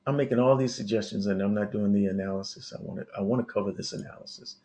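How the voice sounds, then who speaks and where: Halting man teaching forex live. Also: fairly low pitch, steady tone, warm tone. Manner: thinks aloud while working charts, halting with restarts; coaching, talks straight to viewers. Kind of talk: live market analysis stream.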